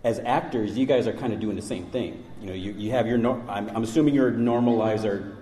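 A man moderating a panel, asking questions in a halting way and repeating words. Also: lowish voice, dark tone. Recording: echoey hall with long reverb.

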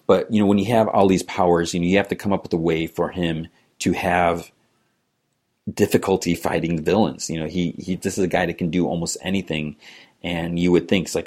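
Deep-voiced man hosting a podcast. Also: a little fast, a little mellow, husky. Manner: rambling, frequent "you know" fillers, chuckles. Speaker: podcast host. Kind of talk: casual podcast chat, reading listener emails.

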